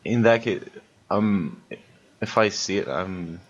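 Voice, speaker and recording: Slow, laid-back man hosting a podcast. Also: low voice, highs cut off. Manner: laid-back, laughing often, hesitant. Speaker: podcast host. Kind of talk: casual chat.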